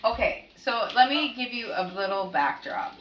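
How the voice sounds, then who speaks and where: A woman's voice: a little high, very animated, normal speed, fairly bright tone, dull audio, faint music behind. A woman, a mother, chatting casually as she tells a family story and acts out what others said. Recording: echoey room, voice from a distance, faint noise.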